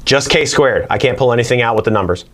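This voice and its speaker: A man's voice: medium pitch, quick pace, a bit bright, a little hiss or hum. A man teaching a casual whiteboard math lesson, chatting as he works through problems. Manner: chatty, talks to his barking dog between problems.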